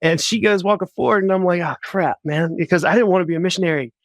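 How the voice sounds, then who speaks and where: A man telling his faith testimony in a casual, animated way. He often says "like" and acts out his own thoughts as quotes. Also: high voice, racing, dry recording. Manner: animated, full of "like" and quoted inner voices. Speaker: guest sharing a faith testimony. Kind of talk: casual storytelling.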